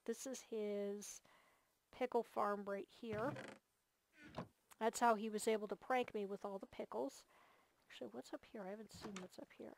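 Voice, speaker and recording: A woman's voice: mid-range voice, slight background noise. A tired woman hosting a game series, giving an enthusiastic, gushing tour with lots of fillers. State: tired, yawning. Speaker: host of a multiplayer game series. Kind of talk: casual gameplay tour commentary.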